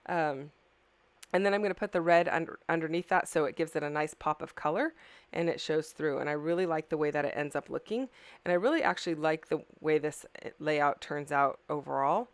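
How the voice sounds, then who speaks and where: On a dry recording, a middle-aged woman with a deep voice talks a little fast as she narrates her scrapbooking for her craft channel. She sounds tired, drifts off on tangents, and apologetically corrects herself.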